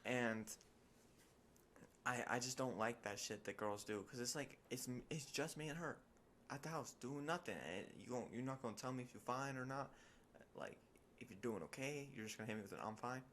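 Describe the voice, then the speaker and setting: A young man in casual podcast chat, full of animated storytelling. He acts out quoted lines with sudden jumps up in pitch. A faint hiss of noise sits behind his middle-pitched voice. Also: a little fast. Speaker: podcast co-host.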